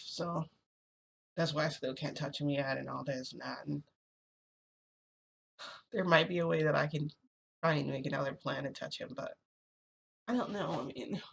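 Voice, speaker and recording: A woman's voice: low voice, vocal fry, a little hiss or hum. A woman telling a story to her viewers in a rambling, chatty way, giggling often, her voice cracking from screaming. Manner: rambling, full of fillers and giggles. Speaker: vlogger. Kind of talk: casual storytime chat.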